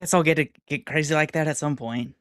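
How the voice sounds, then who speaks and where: Hesitant soft-spoken tabletop player. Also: mid-range voice, fast talker, no room sound, studio quality. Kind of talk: casual tabletop game banter.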